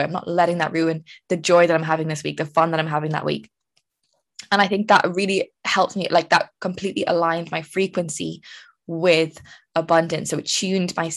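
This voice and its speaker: A young woman from Ireland hosting a casual solo podcast, telling stories in a chatty, animated way with frequent laughs. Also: on the low side. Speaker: podcast host.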